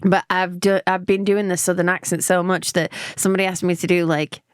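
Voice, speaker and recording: A young woman with an English accent, chatting as a guest on a podcast interview in a bubbly, quick way. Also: lowish voice, level tone, smooth, dry recording, studio quality. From England. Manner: bubbly, quick, laughs often. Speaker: guest musician. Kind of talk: casual interview chat.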